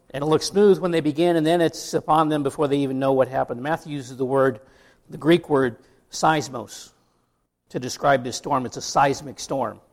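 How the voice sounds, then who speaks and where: Gravelly conversational male preacher. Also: fairly high pitch. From United States. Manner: conversational preaching with asides and rhetorical questions. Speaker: pastor. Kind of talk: sermon.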